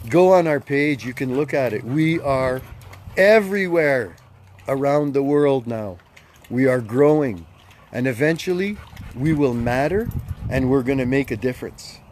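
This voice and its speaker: A man's voice: mid-range voice, expressive, measured pace, a little mellow, slight background noise. A man in his fifties, angry, giving a blunt and emphatic rant to his followers and repeating his key points. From Canada. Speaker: group leader addressing followers. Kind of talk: self-recorded social media rant.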